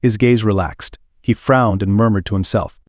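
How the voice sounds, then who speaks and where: A man reading a mystery novel aloud in measured, even storytelling. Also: on the low side, dry recording, clean studio sound. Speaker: audiobook reader. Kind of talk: scripted narration.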